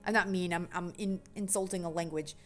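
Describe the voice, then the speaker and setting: Building a game on stream, a young woman chats with her viewers in a brisk, lowish voice. She keeps correcting herself, and every so often her tone brightens with abrupt excitement.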